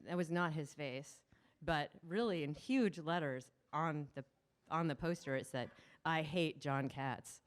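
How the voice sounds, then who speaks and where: Middle-aged woman storyteller on a small stage, low-pitched, animated, restarts a lot. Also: a little slow. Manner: animated, laughing, many restarts. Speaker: storyteller at a community event. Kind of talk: live personal storytelling.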